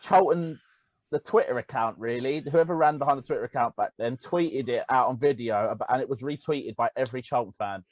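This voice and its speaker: A man's voice: mid-range voice, brisk, dry recording, low-quality recording. A man co-hosting a casual football podcast, telling stories animatedly. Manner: animated storytelling, laughing. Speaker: podcast co-host.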